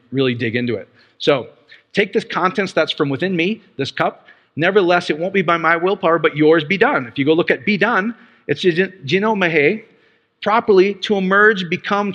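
Bright animated preacher man, reverberant hall. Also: on the high side, muffled recording. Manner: animated, laughing often, explaining scripture word by word. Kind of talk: sermon.

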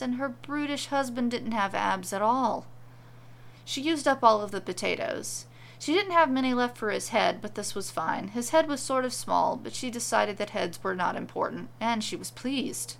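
Brief: woman storyteller, wry and deadpan, raised pitch, heavy vocal fry. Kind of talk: comedic storybook narration.

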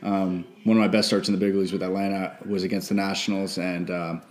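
A man with a somewhat low voice talks in a relaxed, rambling way, full of ums and you-knows. He speaks as a guest on a casual podcast, recalling his playing days. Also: quick pace. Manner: laid-back, rambling, many fillers. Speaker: podcast guest, former baseball pitcher.

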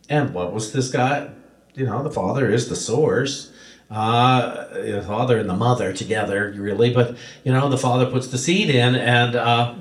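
A male preacher retelling a parable in a sermon, with emphatic repetition. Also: mid-range voice. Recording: roomy echo.

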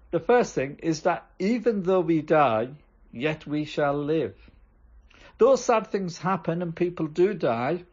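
A man's voice: fairly high pitch, a little mellow, slightly rough, dull audio. A man leading a church service and preaching in an earnest, emphatic way. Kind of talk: sermon.

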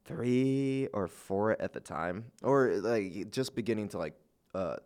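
A man's voice: on the low side, animated, takes it slowly, darkish tone. A young man co-hosting a podcast, chatting casually and telling a story, with lots of "like" and "dude" and easy swearing. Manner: laid-back, swears freely, lots of "like" and "dude". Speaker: podcast co-host. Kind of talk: casual chat.

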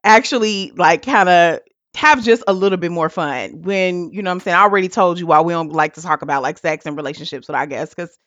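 A woman's voice: on the low side, brisk, a bit bright, dry recording, highs cut off. A woman hosting a podcast, laid-back and slangy, asking her guest for a story. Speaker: podcast host. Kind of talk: casual interview chat.

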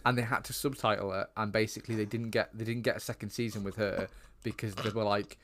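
A man's voice: lowish voice, steady tone, fast talker, hardly any pauses, fairly bright tone. A British man co-hosting a casual film chat, rambling on with lots of ums and likes. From Britain. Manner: chatty, rambling with frequent ums. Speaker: podcast co-host.

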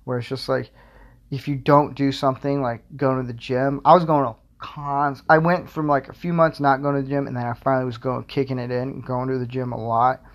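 A young man talks on his own podcast in loose, meandering chat. He stacks fillers and pokes fun at himself. His voice sits at an ordinary middle pitch. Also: little pitch movement, fairly quick. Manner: rambling, filler-heavy, self-deprecating. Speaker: podcast host. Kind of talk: casual solo podcast rambling.

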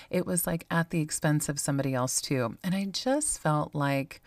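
Woman, podcast host, low voice, reflective, conversational, dry close mic. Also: moderate pace, darkish tone, dry recording. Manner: candid, musing, conversational, with frequent ums and likes. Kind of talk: reflective solo podcast talk.

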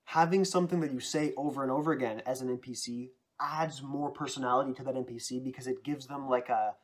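A man's voice: mid-range voice, steady tone, quick pace. A man in casual chat, thoughtfully explaining tips on voicing characters at length.

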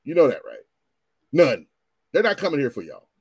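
A man ranting in casual commentary, animated and profane, often repeating himself as he restarts his sentences. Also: medium pitch, moderate pace, creaky, breathy edge, dry recording.

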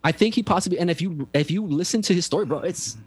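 A man's voice: sits high, quick pace, breathy edge, dry recording. A man in casual conversation, emphatic and profane, acting out quoted people as he tells stories. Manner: emphatic, heavy swearing, acts out quotes.

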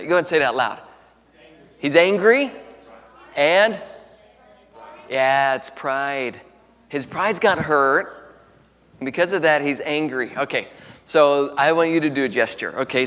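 A man's voice: fairly high pitch, fairly bright tone. A man leading an interactive Bible lesson for a class. He talks in a chatty way, asks many questions, laughs often and uses lots of fillers. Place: large room with a piano. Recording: echoey hall.

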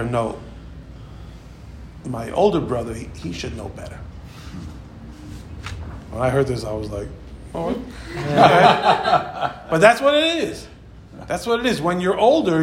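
A man giving a Torah class lecture, telling stories with lively acted-out quotes. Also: a little high. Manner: animated storytelling, acts out quoted voices. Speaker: Torah teacher. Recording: echoey room with faint background noise.

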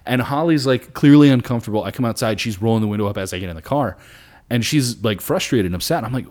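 A man's voice: mid-range voice, fast. A young man co-hosting a podcast, telling a long story in casual, profane chat and acting out the lines of the people in it. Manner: animated, profane, acts out quotes. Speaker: podcast co-host.

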